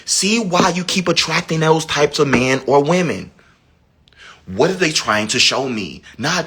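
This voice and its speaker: A man giving a casual spiritual talk, dramatic and animated, sometimes dropping to a low hush. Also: moderate pace, breathy edge. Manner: animated, dramatic swings from loud high to low hushed. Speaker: spiritual teacher.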